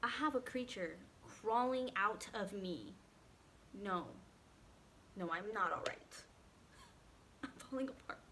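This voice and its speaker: A woman telling a personal story in a casual storytime vlog, animated and acting out what others said, with many "like" fillers. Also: fairly high pitch, a little hiss or hum. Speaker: vlogger.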